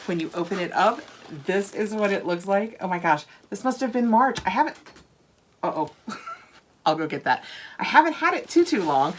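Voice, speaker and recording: An older woman chatting casually through a product unboxing, gushing over items and dropping to a soft whisper now and then. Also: medium pitch, lively intonation, normal speed, slight background noise.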